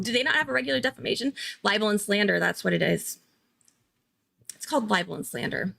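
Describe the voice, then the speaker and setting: A woman hosting a casual live-stream commentary, chatty and excitable, thinking aloud and laughing often. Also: medium pitch, fast talker, vocal fry. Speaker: true-crime commentary host.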